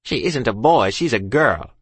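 A man voicing a sharp, haughty woman who snaps and sputters with contempt, pitched higher than his narration. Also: animated, moderate pace, breathy edge, dry recording. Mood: snappish, scornful.

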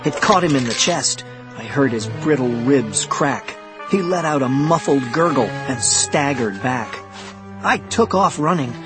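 A man's voice: mid-range voice, unhurried, music in the background. Man dramatically reading a children's adventure. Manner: lively, dramatic storytelling. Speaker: audiobook narrator. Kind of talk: first-person audiobook reading of a children's adventure.

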